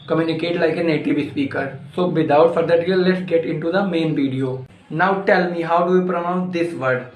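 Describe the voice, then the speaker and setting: A man teaching pronunciation, repeating single words slowly in a drill. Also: a little high. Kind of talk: pronunciation lesson to camera. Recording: echoey room.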